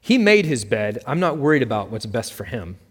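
A man's voice: medium pitch, sing-song, a little fast, slightly rough. A man reads as a bitter divorcing mother who snaps and insists, her lines slightly raised and clipped. Her voice rings out in a hall with a long tail of reverb. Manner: snappy, emphatic.

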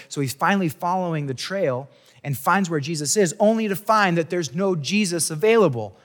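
A man gives a sermon as a pastor in a relaxed, chatty way, circling back and restarting his sentences as he goes. His voice sits a bit higher than most men's. The sound carries a long reverb, as if in a large hall. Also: brisk. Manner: casual and chatty, with frequent restarts and asides. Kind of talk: conversational sermon.

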